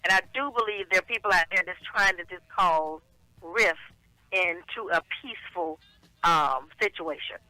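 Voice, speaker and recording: A woman co-hosting a casual talk radio show, speaking in a measured, reflective way with affectionate greetings. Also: on the low side, pushed and bright, no room sound, rough recording. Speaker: show regular and co-host.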